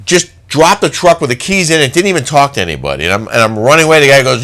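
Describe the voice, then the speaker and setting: A man's voice: mid-range voice, very animated, brisk, a bit bright. A middle-aged man co-hosting a talk show, telling a travel story in casual chat and acting out the voices and sound effects in it. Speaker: radio show co-host.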